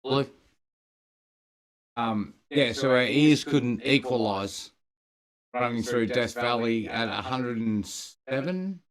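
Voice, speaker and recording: A man's voice: medium pitch, slow, pauses often. A man in casual chat, laid-back and rambling with many fillers. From Australia.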